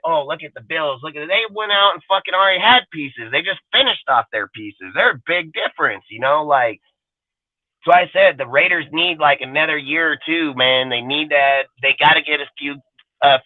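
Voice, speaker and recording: A man's voice: a little high, normal speed, dry recording. Ranting profane man, tinny phone-like sound. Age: 40s. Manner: crude, heated, rambling, constant swearing. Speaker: podcast co-host. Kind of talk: profane sports talk rant. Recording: tinny phone-like audio, dry.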